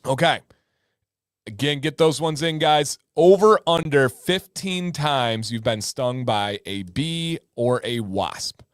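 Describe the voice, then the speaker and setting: A man in his thirties hosting a casual livestream, chatting with viewers and telling stories with lively sound effects. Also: fairly high pitch, slow pace, no echo, clean studio sound. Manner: animated storyteller with sound effects. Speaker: livestream host.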